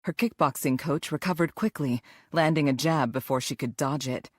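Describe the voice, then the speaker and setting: A woman narrating a thriller audiobook in a measured, even way. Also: sits low, husky, no echo, studio quality.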